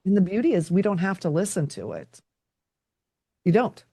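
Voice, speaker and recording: A woman's voice: mid-range voice, very animated, normal speed, dark tone, breathy edge, no room sound, clean studio sound. A middle-aged woman, a podcast guest, talking reflectively and telling stories with quoted dialogue. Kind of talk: conversational interview.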